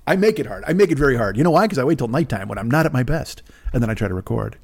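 A man in his fifties hosting a podcast, rambling in a casual, profane monologue with sarcastic asides and a smooth voice. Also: medium pitch, lively intonation, very fast. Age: 50s. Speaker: podcast host.

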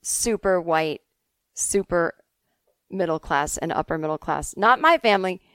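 In a dry, clean studio recording, a podcast host in her forties from outside Boston takes her time answering listener emails. Her fairly low voice has a bit of brightness, and she comes across as candid and chatty, quick to laugh and not shy about swearing.

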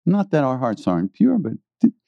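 Male spiritual teacher telling stories, lively pitch, mellow tone, muffled dry sound. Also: moderate pace, vocal fry, dry recording. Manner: rambling, animated, laughs often. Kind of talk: storytelling talk to an audience.

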